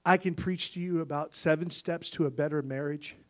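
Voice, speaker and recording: A male pastor giving a sermon, moving from quiet personal stories to loud, impassioned preaching. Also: on the high side, fairly even intonation, a little fast. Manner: impassioned preaching that swings from quiet storytelling to shouting.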